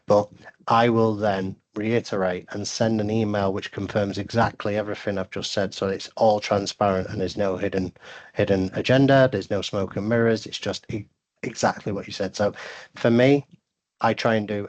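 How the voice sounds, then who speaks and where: A man speaking as a sales consultant guest on a webinar, giving earnest advice and often repeating words as he starts a thought. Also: fairly low pitch.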